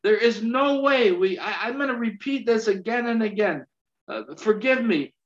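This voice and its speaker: A man preaching a sermon, talking slowly with frequent restarts, fillers and amens to his congregation. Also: high voice, animated. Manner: slow, halting delivery with many restarts and amens. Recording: dull lo-fi recording.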